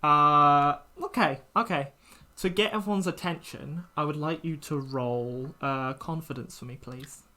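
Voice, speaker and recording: A young adult game master narrating a tabletop game, relaxed and wordy, searching for words. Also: medium pitch, measured pace.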